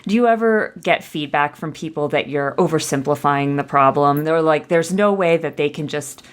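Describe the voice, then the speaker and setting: A woman hosting a podcast interview, chatty and quick to laugh. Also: low voice. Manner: chatty, laughs often, many fillers. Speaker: podcast host.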